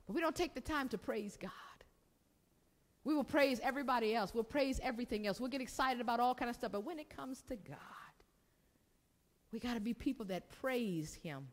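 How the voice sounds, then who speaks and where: A woman pastor delivers a sermon, building with repeated phrases and calls for an answer from the congregation. Her voice sits a bit high, and it rings out with the long reverb of a church hall. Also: animated, a little fast. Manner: preaching with call-and-response and repetition. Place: church sanctuary.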